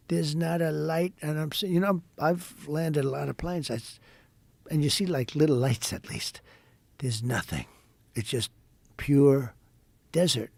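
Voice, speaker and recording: Gravelly older man telling a story. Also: mid-range voice, dry recording. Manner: rambling, repetitive, acts out dialogue in a hushed voice. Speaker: podcast guest. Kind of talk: casual storytelling in an interview.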